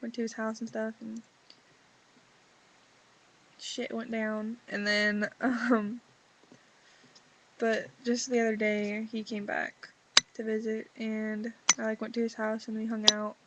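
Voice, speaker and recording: A woman's voice: on the high side, monotone, slow, long pauses, background noise. A teenage girl who is sick, reading her journal aloud and then chatting in a rambling way full of fillers. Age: teens. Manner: rambling, filler-heavy teen talk. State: sick, voice lower than usual. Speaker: vlogger. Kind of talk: reading a journal entry, then casual confessional chat.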